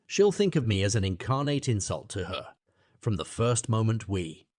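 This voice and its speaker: A man's voice: fairly low pitch, big pitch swings, moderate pace, no echo, studio quality. Man voicing a furious, wounded young man. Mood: bitter. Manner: bursting out, sharp-edged. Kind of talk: audiobook character reading.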